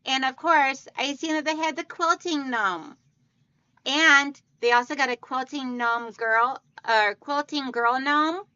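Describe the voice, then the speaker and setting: A woman hosting a casual quilting livestream, chatting warmly with viewers and greeting them by name as hon and sweetheart. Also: high voice, unhurried, no echo, muffled recording.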